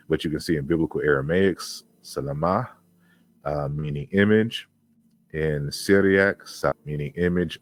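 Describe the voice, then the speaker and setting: A man with an extremely deep voice delivers an informal lecture on word origins. He reads glosses off his slides, restarting sentences and filling pauses as he thinks aloud. Faint music plays softly under his voice. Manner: explanatory, frequent fillers and restarts; walks through slides, reading out glosses. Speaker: lecturer on historical linguistics.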